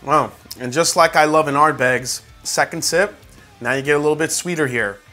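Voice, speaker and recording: Bright-voiced New man reviewing whiskey. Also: a little high, moderate pace, faint music behind. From New York. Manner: chatty, many fillers like "like" and "uh"; excitable tasting reactions. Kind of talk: casual tasting review.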